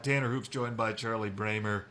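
A young man hosting a sports radio show, talking football in a brisk, opinionated way. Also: on the low side, steady tone, fairly bright tone, a little hiss or hum. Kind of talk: casual sports talk.

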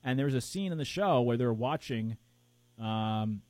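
A man's voice: medium pitch, expressive, moderate pace, a little mellow, dry recording. A man co-hosting a casual chat show, rambling and hunting for names with plenty of fillers. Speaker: podcast co-host.

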